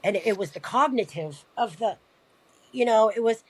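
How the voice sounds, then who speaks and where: A woman's voice: fairly high pitch, expressive, normal speed, husky, no room sound, rough recording. A woman speaking as a podcast guest, sharing a personal story in an earnest, emotional way. She often stumbles over her words and restarts sentences as she tries to find them.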